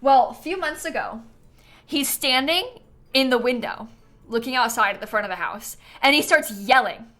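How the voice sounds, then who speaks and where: A livestream host chats casually and giggles as she plays a game and thanks viewers for their donations. Her voice is high-pitched and fairly bright, with lively intonation at a normal speed, and soft music plays in the background.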